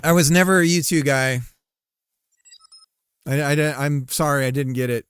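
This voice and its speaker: A man's voice: fairly high pitch, moderate pace, a bit bright, smooth, no echo, studio quality. A man streaming casually while coding, loose and joking, talking to his chat and swearing now and then.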